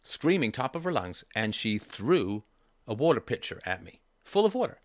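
A man's voice: mid-range voice, big pitch swings, normal speed, dry recording, studio quality. A man hosting a call-in advice show, talking emphatically and repeating key phrases for stress.

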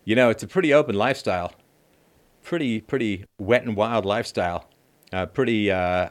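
A man's voice: lowish voice, normal speed. A middle-aged man hosting a show, reading news stories aloud and cutting in with mocking, jokey asides and laughter. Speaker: podcast host. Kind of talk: sarcastic news commentary.

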